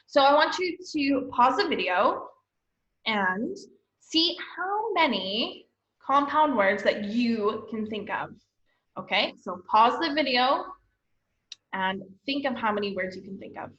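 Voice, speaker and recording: An elementary school teacher with a fairly high, expressive, fairly bright voice speaks slowly in a recorded online lesson for young children. She's patient and encouraging, often checking in with "okay?", in an echoey room with slightly dull lo-fi audio.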